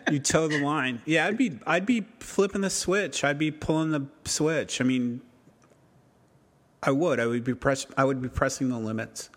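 A man's voice: fairly high pitch, normal speed, fairly bright tone. A man co-hosting a podcast in casual chat, wry and joking, rambling and often restarting his sentences. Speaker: podcast co-host.

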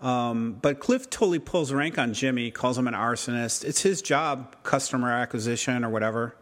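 A man's voice: medium pitch, normal speed, a bit bright. A man co-hosting a podcast in casual chat, wry and joking, rambling and often restarting his sentences. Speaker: podcast co-host.

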